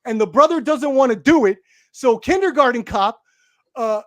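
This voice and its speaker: A man co-hosting a casual podcast, recapping a movie in a rambling, halting way with many restarts. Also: very high-pitched, animated, dry recording. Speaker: co-host reviewing a movie.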